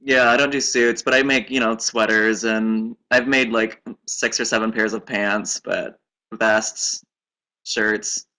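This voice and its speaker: A young-sounding man chats on a video call about the clothes he makes. His voice is bright and a bit tense, and he talks modestly with giggles, rambling from one thing to the next. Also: on the low side, little pitch movement, slow. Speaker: guest designer. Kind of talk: casual interview chat.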